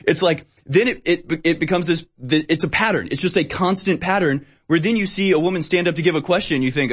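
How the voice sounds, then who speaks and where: A man speaking in a rather high voice, rambling through a casual conversation. He often drops into mocking voices to act out what other people say, then carries on in his own. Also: fast, hardly any pauses, husky.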